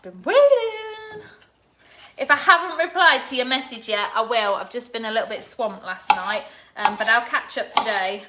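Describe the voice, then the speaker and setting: A woman's voice: mid-range voice, fairly even intonation, normal speed, few pauses, noisy background. A woman hosting a live cooking stream from her home kitchen, talking casually and greeting viewers by name. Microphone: phone camera propped on the counter.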